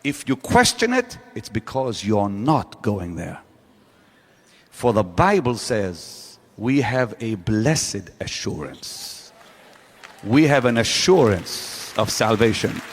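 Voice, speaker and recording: A man's voice: lowish voice, sing-song, slow. A man preaching a sermon to a live audience in a large church auditorium, driving his point home with repeated rhetorical questions. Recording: long reverb of a large hall.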